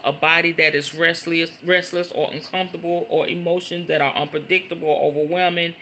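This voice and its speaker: A man hosting a casual spiritual talk, animated and conversational, reading viewer comments aloud. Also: on the high side, slight background noise, rough recording. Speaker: host.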